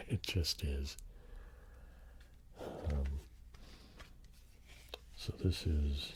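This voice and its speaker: Very deep soft-spoken ASMR man. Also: a little hiss or hum. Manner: soft-spoken, drifting into whispers; relaxed, rambling, slowly reading track lists. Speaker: ASMR host.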